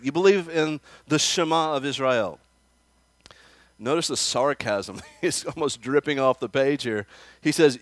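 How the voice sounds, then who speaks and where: A man preaches a conversational sermon, now and then putting questions to the children and the congregation. His voice sits at a middle pitch. The sound is dry and close, with little trace of the room. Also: dry recording. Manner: acts out quoted voices with rising emphasis. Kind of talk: expository sermon. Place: church.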